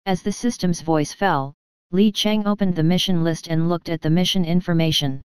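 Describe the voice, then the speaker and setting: Woman reading an audiobook, steady, lowish, really clear dry sound. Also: moderate pace, dry recording. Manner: steady, even storytelling. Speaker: audiobook narrator. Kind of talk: scripted narration.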